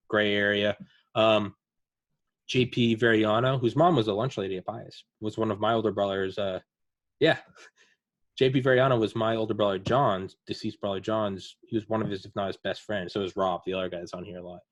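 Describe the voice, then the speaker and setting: A man with a voice on the low side and a steady tone talks a little fast, recorded with no room sound. Hosting a laid-back podcast, he meanders through veterans' war stories with plenty of fillers.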